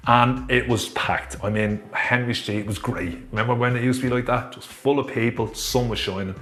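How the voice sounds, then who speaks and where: A man with a Dublin Irish accent telling a personal story to viewers in a chatty, animated vlog. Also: mid-range voice, normal speed. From Ireland. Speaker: author and motivational storyteller.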